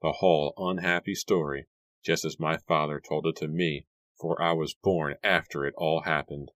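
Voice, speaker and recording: A man's voice: fairly even intonation, normal speed, dry recording. Man reading as a troubled young farmhand. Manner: low, trembling, quiet.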